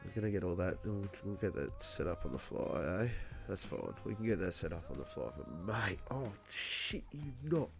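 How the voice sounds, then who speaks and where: A man's voice: low voice, big pitch swings, normal speed, gravelly, hardly any pauses, over music. Laid-back man, swearing. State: coughing after illness. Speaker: livestream host. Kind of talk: casual chat.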